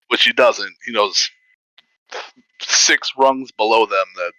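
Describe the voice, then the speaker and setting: A man's voice: mid-range voice, drawn-out words, no echo, rough recording. A man hosting a podcast, telling a story in casual chat and acting out the voices in it. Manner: animated, acts out quoted voices. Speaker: podcast host.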